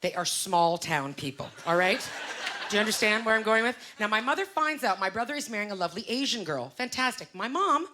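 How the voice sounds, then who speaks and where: A woman from Canada in her thirties performing a stand-up comedy set on a club stage, loud and animated, exclaiming at the crowd. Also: on the high side, fast. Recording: live stage recording with audience noise.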